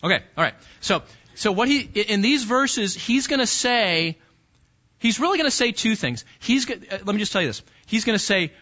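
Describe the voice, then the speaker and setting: A man's voice: sits high, lively intonation, normal speed, sharp tone, dull audio. A man preaching a sermon to a congregation, talking to them directly and emphatically with many repeated words and restarts. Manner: emphatic teaching with repetitions and restarts.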